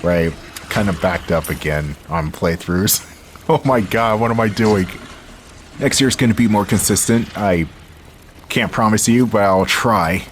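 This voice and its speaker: A man's voice: fairly low pitch, a little slow, slight background noise. A young man giving wry, laid-back commentary while playing a game, talking straight to his viewers. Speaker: gaming channel host. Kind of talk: casual let's-play commentary.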